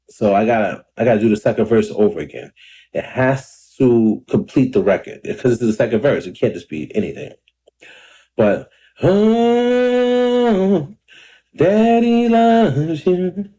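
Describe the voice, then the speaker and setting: A man in his thirties chatting casually to camera in a rambling, laid-back way, a little hoarse and clearing his throat often. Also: mid-range voice, dark tone. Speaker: independent rapper and vlogger. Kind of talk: casual talking-to-camera vlog. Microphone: camera or phone mic.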